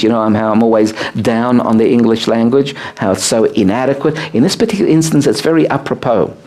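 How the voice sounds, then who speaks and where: A rabbi teaching a small live group, explaining ideas with animated, swooping emphasis and many "uh" fillers. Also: male voice. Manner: animated, swooping pitch on key words, frequent "uh" fillers. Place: room with a small seated group.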